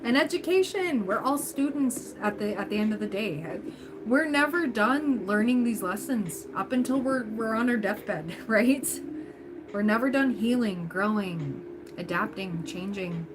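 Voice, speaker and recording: Woman doing a tarot livestream, chatty and encouraging, steady hiss behind her. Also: medium pitch, unhurried. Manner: chatty, encouraging, frequent laughs and fillers. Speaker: tarot reader livestream host. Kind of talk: casual livestream chat.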